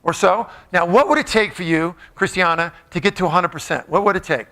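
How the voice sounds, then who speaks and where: A man's voice: high-pitched, a little fast, pushed and bright. A man giving a playful, jokey motivational talk, quizzing a live audience in a large room. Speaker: motivational speaker.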